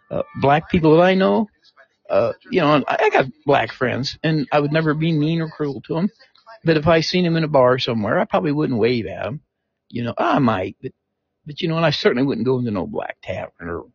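A man's voice: a little high, lo-fi sound. An older man talking to himself in a rambling, folksy personal monologue, full of restarts. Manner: folksy and rambling, plain-spoken with many restarts. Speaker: home recorder.

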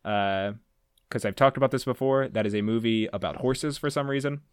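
A man co-hosting a casual movie podcast, talking through films in a measured, analytical way. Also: medium pitch, clean tone, no echo, studio quality. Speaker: podcast co-host. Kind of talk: casual movie-review chat.

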